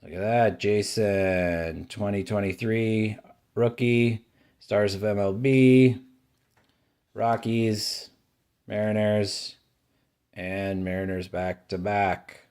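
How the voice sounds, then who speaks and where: A man's voice: lowish voice, fairly even intonation, slow pace, a little mellow, clean tone. A man hosting his own card-collecting video, giving casual running commentary as he opens packs and names each card, grumbling and cheering by turns. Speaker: card collecting channel host.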